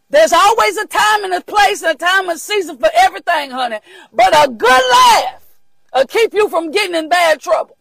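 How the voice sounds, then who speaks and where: An older woman preaching a motivational message, emphatic and repetitive, often rising into shouts. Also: extremely high pitch, animated, normal speed, creaky, dry recording, low-quality recording.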